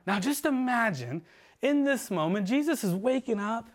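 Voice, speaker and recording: A pastor delivers an earnest sermon in a notably high voice for a man. He presses his points and then lets his voice fall low and quiet to drive them home. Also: animated, normal speed. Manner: earnest preaching, voice dropping low and soft for emphasis. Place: church livestream.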